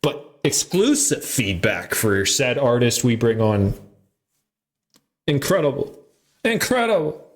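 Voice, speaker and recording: A man's voice: medium pitch, lively intonation, a little slow, few pauses. A man hosting a podcast in casual chat, loose and profane, laughing often. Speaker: podcast host.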